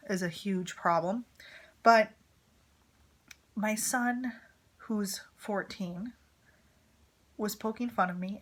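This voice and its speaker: A woman's voice: mid-range voice, a bit bright. Chatty woman vlogger, rambling storytime. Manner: chatty and rambling, with filler words and asides. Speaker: vlogger, mother of a teenage son. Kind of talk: casual storytime chat to camera.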